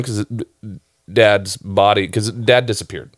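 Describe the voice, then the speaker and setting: A man's voice: fairly low pitch, normal speed, no room sound, clean studio sound. A man who directed a short film, chatting loosely about it on a podcast, rambling and swearing often. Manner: rambling, profane, laughs often. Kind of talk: casual podcast chat.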